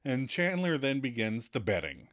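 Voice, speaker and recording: A man co-hosts a podcast, recapping scenes in casual chat with a medium-pitched voice at a moderate pace. He acts out the quoted lines using lively voices.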